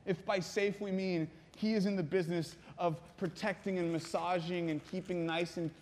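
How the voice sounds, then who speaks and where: A man preaching a sermon as pastor, dramatic, swinging from hushed to intense. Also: high voice, fairly even intonation, moderate pace. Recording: long reverb in a hall.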